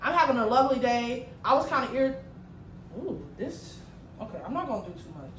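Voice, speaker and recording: In her home kitchen, a woman in her twenties cooks while telling a storytime vlog, animated and slangy, getting loud when she retells moments. Her voice is on the high side and a little fast. The mic is at a distance in an echoey room, with slight background noise.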